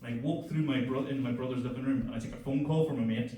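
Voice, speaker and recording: Talking rapid-fire in a mellow, medium-pitched, steady voice, this middle-aged Northern Irish comic runs through a crude set poking fun at himself, accent and all. The mic sits far away in an echoey club, picking up the audience's laughter.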